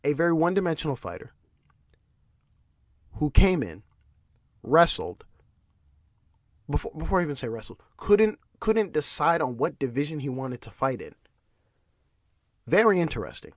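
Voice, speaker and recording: A man rants through a casual solo commentary, his voice swinging widely in pitch as he circles back over his own words and trips into restarts. He sits slightly high for a man. The sound is dry and close, with almost no room around it. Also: normal speed, pauses often, no echo. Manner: ranting, animated, with restarts and repeated words. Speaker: podcast host.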